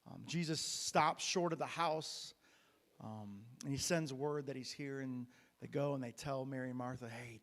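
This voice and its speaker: A man's voice: mid-range voice, creaky, a bit bright, big-room sound. A man preaching a sermon as pastor, retelling a Bible story in a conversational way with frequent restarts and fillers. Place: church sanctuary.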